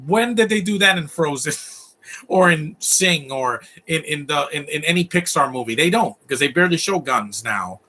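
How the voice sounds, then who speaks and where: A man's voice: fairly high pitch, animated, normal speed, bright, forceful tone. A man giving casual live commentary over a movie, rambling and laughing often. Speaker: film commentator.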